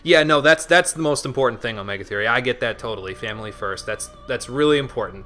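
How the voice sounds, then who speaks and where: A man's voice: lowish voice, quick pace, few pauses, pushed and bright, soft background music. A man hosting a casual gaming livestream, chatting easily with viewers and often repeating himself as he talks. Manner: chatty, responds to chat, repeats words. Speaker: livestream host.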